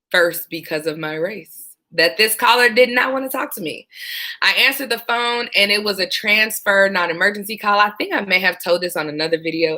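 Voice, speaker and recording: Bright-voiced woman telling dispatcher stories. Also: mid-range voice. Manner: animated, laughs while telling stories. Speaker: former 911 dispatcher. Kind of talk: casual storytelling vlog.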